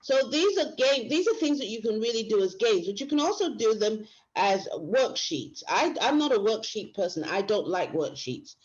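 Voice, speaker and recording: A woman's voice: a little high, very animated, moderate pace, few pauses. A woman teacher giving a workshop lecture, explaining step by step and often restarting her phrases. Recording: dull lo-fi recording.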